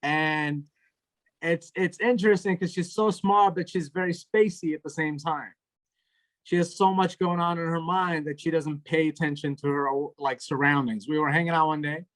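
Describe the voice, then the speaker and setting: A young man performs stand-up over a video call, his voice sitting a little high for a man. He tells long stories about family in a dry, deadpan way, letting the punchlines land plainly. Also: normal speed. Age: young adult. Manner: storytelling, deadpan, trailing into laughter. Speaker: stand-up comedian.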